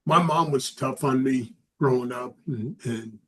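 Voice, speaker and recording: An older man doing a stand-up comedy set, a self-described lovable curmudgeon delivering dry, deadpan jokes about family. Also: medium pitch, a little slow, poor audio. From Southern California.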